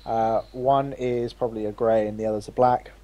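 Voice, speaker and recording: A man narrating as game master of a tabletop role-playing game, halting and restarting as he describes the scene. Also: fairly low pitch, fairly even intonation, mellow, highs cut off. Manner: halting, with many fillers and restarts.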